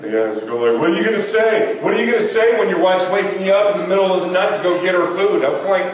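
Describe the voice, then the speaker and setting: A young man with a fairly high voice performs a stand-up set, animated and acting out every character he quotes. He sounds set back from the mic in a very echoey venue. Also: quick pace. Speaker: stand-up comedian. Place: comedy venue. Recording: roomy echo from a distance.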